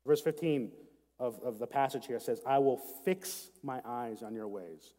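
A man preaching a sermon as a pastor, earnest and self-deprecating, reading scripture slowly and prayerfully. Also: medium pitch, warm tone. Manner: earnest, laughs at himself, slows down to read prayerfully. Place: church sanctuary with seat backs. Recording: long hall reverb.

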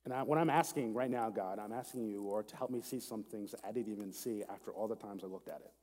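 A man preaching a sermon as a pastor, earnest and self-deprecating, reading scripture slowly and prayerfully. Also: lowish voice, a little mellow. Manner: earnest, laughs at himself, slows down to read prayerfully. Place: church sanctuary with seat backs. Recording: long hall reverb.

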